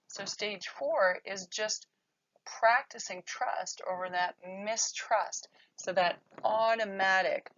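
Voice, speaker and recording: A woman's voice: mid-range voice, slow pace, fairly bright tone, dull audio. A woman child therapist giving a conversational workshop lecture, often checking in with her audience.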